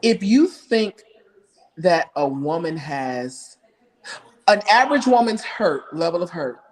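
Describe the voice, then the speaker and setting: A man's voice: a little high, lively intonation, takes it slowly. A man on a talk show panel, speaking earnestly and openly about emotion, with a preaching lilt.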